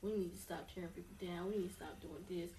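A woman's voice: fairly low pitch, fairly even intonation, fast talker, warm tone. A woman co-hosting a casual opinion talk, earnest and pleading, acting out the thoughts she quotes. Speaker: co-host. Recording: echoey room, distant mic, faint background noise.

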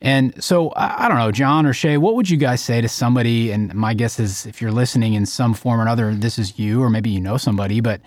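A man's voice: medium pitch, a little mellow, no echo, clean studio sound. Candid man hosting a faith talk. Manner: candid, searching, asks the others questions. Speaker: podcast co-host. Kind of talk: conversational faith discussion.

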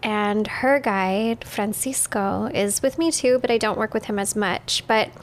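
A woman in her thirties from the United States, chatting casually on a podcast, animated and laughing often, with casual swearing. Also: medium pitch, measured pace, slight background noise. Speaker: podcast guest, witch and spiritual practitioner.

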